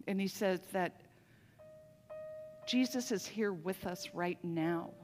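A woman's voice: medium pitch, moderate pace, soft background music. A woman delivering a sermon, telling a personal story in a conversational way with casual asides. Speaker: pastor. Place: church sanctuary. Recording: long reverb of a large church hall.

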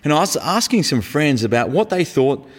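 A man's voice: a little high, sing-song, moderate pace. A man preaching a sermon in a conversational, emphatic way, sometimes dropping casual slang. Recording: echoey hall.

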